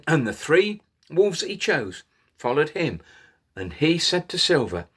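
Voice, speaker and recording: A man telling a children's story in an animated way, inviting little listeners to join in. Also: fairly high pitch, slow pace, husky. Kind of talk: interactive children's story reading.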